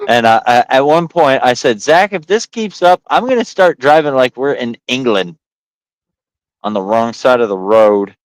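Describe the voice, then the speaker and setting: A man's voice: mid-range voice, normal speed, clean tone, dry recording, rough recording. A man on a casual livestream chat, telling stories and acting out quotes with lots of energy. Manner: animated storyteller, acts out quotes. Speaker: livestream co-host.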